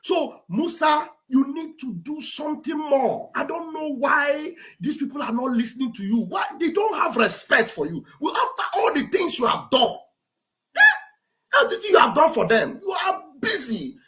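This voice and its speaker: A high-pitched woman hosts a live stream. She talks in a sarcastic, mocking way, swinging between shouts and mock wailing. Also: sing-song, normal speed. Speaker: online show host. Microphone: live-stream setup.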